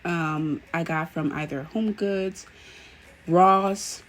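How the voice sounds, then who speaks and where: A woman chatting casually through a home decor vlog, gushing now and then with excited cheers. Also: on the low side, slow pace. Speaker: home vlogger.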